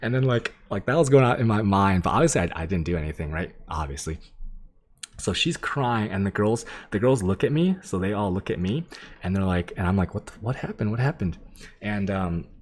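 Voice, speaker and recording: Male streamer with a very low voice, casual and sweary, rambling through a story to chat. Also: lively intonation, brisk, a little hiss or hum. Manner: rambling, profane, lots of "like" and "um"; sketches while he talks, addressing chat. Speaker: game streamer.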